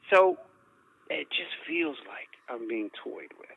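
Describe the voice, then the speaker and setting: A man's voice: fairly high pitch, lively intonation, slow pace, gravelly, husky, dry recording. A man being interviewed about paranormal recordings, speaking in a rambling way, with frequent restarts and repeated words. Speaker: interview guest, paranormal investigator. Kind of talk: conversational interview. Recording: tinny phone-like line.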